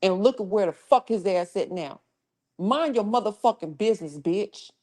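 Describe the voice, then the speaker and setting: A woman hosting a casual livestream who curses freely and talks down trolls in her chat. Her voice sits at an ordinary middle pitch. She keeps a blunt, scolding tone as she talks straight into her mic. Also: lively intonation, moderate pace, warm tone. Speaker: livestream host.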